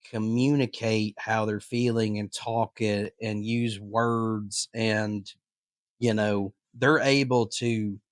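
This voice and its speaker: A man's voice: lowish voice, fairly even intonation, slow, no room sound, clean studio sound. A man co-hosting a podcast, talking in a casual, earnest way with lots of fillers and restarts. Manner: rambling, filler-heavy, earnest. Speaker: podcast co-host.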